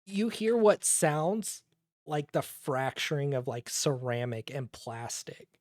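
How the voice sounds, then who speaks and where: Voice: mid-range voice, animated, takes it slowly, a little mellow, no room sound, studio quality. A game master narrating a tabletop game in a casual, profane way, full of fillers and restarts.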